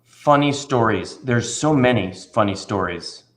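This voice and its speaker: A man, a children's magician, chatting in an interview over a video call and telling funny stories with lively acted-out voices. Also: on the low side, measured pace. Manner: animated storyteller, acts out voices in anecdotes. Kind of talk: casual interview conversation.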